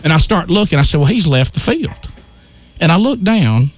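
A man hosting a talk radio show, telling an animated story and acting out his own shouts. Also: fairly high pitch, moderate pace, slight background noise.

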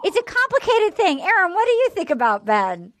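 A woman hosting a podcast, recapping a show in animated, gossipy casual chat full of likes. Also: very high-pitched, fairly quick, slight background noise. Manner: animated storytelling with frequent likes. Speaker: podcast host.

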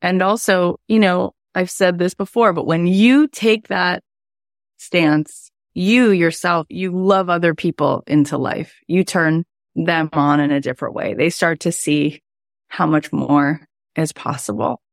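A woman's voice: lowish voice, fairly even intonation, unhurried, creaky, dry recording, clean studio sound. A middle-aged woman, a life coach and podcast host, telling a personal story in a chatty, heartfelt way, with many "like" fillers.

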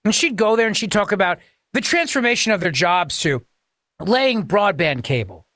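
A man's voice: high voice, sing-song, normal speed, fairly bright tone, no echo, studio quality. A man hosting a political talk radio show, delivering a combative, sarcastic monologue full of rhetorical questions.

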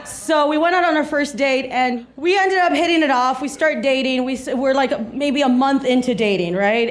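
A woman in her thirties from South Texas, telling a stand-up story with chatty, laughing energy. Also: sits high. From South Texas, USA. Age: 30s. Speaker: stand-up comedian. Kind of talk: stand-up comedy set. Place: comedy stage before a live audience. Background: audience laughter.

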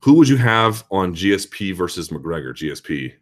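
Low-voiced man ranting on a live chat. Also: normal speed. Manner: animated, ranting, sarcastic. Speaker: host of a live chat show. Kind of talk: casual live-chat commentary, reading viewer questions.

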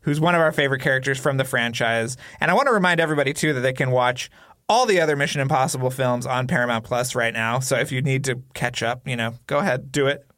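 A man's voice: mid-range voice, fast, fairly bright tone, dry recording, clean studio sound. A man hosting a show, introducing the next segment in an enthusiastic, lightly scripted way. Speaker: show host. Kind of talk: upbeat scripted host segue.

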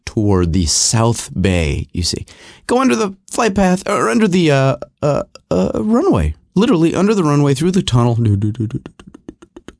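A middle-aged man hosts his own podcast from his home garage, wandering through a casual monologue that's wry and self-deprecating. His voice sits high with a darkish tone, and the studio-quality recording has no room sound.

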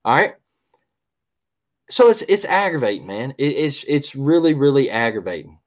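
A man's voice: medium pitch, very animated, moderate pace. A man co-hosting a sports podcast, ranting in a heated, repetitive way and often asking "all right?". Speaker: podcast co-host.

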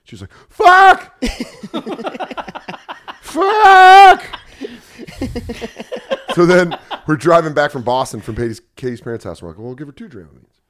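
Animated swearing comedian telling stories. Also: male voice, medium pitch, rapid-fire. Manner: animated storyteller, swears, acts out his dog's voice. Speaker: podcast co-host. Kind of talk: casual comedic chat.

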